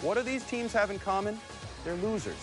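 A man's voice: animated, brisk, over music. A man in his thirties hosting a sports show with cocky, needling opinions. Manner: cocky, needling, swings pitch for emphasis. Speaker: host.

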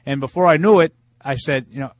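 Brief: Boston-accented male sports radio co-host, chatty, mid pitch, dry studio sound. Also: brisk, no room sound. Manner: chatty, self-deprecating, repeats words while thinking. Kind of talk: casual sports talk.

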